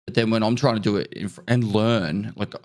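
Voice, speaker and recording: A man's voice: on the low side, fairly even intonation, a little fast. A man on a podcast, chatting casually and rambling with lots of fillers. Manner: laid-back rambling with many fillers. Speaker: podcast guest. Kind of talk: casual chat.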